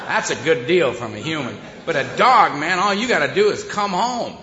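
A man's voice: sits high, big pitch swings, quick pace, few pauses, background noise. A man speaking at a recovery meeting, telling his own story in a wry, conversational way and often laughing. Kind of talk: humorous personal storytelling. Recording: echoey hall, dull sound.

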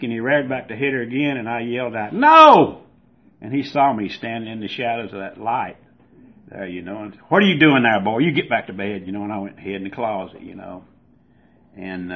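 An older man with a Southern US accent, from Georgia, gives a personal testimony at a recovery meeting, telling a folksy story and acting out the voices in it. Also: medium pitch. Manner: folksy storyteller who acts out voices loudly. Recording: dull lo-fi recording.

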